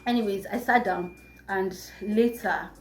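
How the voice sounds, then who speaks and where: A young woman with a Nigerian accent, telling a storytime vlog in an animated, exasperated way. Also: mid-range voice, a little slow. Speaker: vlogger. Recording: echoey room, faint music.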